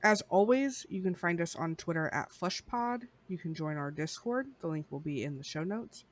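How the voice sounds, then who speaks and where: A woman co-hosting a podcast in casual chat, reading shout-outs in a playful way. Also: fairly low pitch, expressive, moderate pace. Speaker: podcast co-host.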